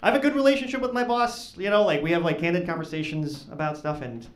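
A man doing a stand-up comedy set on stage, talking in an awkward, deadpan way that rises into loud punchlines. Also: on the high side, fast. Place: comedy club stage with live audience. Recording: echoey club with audience noise.

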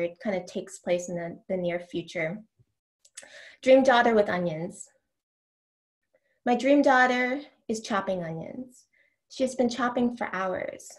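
A woman poet giving a slow, deliberate reading of her own poems, with casual asides and ums between them. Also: medium pitch, a little mellow. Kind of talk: poetry reading.

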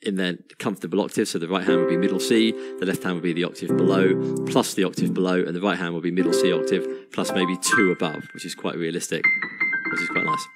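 A man with a very low voice gives a casual piano lesson, talking easily and counting beats aloud while he plays. Loud piano keeps sounding behind his voice. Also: fairly even intonation, fast. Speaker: piano teacher. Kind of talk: casual instructional talk over piano playing.

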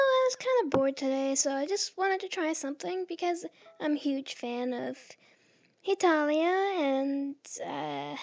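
A woman vlogger chatting casually to camera, giggly and hesitant with lots of fillers, on a dull lo-fi recording. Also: high voice.

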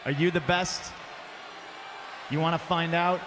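A man, a pro wrestling champion, cutting a mocking arena promo and often shouting into a handheld microphone. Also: fairly high pitch, steady tone, unhurried, a crowd in the background. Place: large arena. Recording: long arena reverb with faint background noise.

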